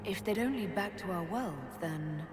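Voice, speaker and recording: A woman's voice: mid-range voice, expressive, moderate pace, music in the background, natural voice. A woman voicing a determined woman leader in a video game, asking direct questions. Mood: inquiring.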